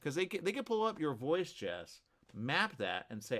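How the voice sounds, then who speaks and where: A man hosting a live morning show, rambling through animated asides full of restarts. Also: fairly high pitch, normal speed. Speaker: host.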